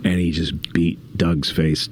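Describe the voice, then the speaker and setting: A middle-aged man, a comedian guest on a podcast, telling a story in casual conversation, animated and self-mocking, laughing between lines. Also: deep voice, takes it slowly, a little hiss or hum. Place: podcast studio.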